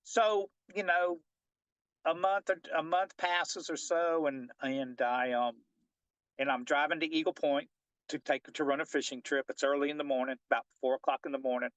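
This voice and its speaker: Middle-aged man telling a story, slightly high voice. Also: normal speed, no echo, low-quality recording. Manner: animated storyteller who keeps asking "right?". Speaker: fishing guide. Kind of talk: telling a personal story in an interview.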